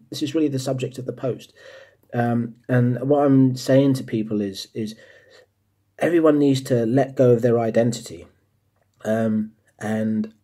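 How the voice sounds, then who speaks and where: A man from the United States speaks casually, stopping and restarting his sentences with frequent ums. His voice is dark and mellow with a husky edge, pitched in an ordinary middle range. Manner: hesitant, many ums and restarts. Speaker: vlogger. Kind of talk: casual monologue to camera. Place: England.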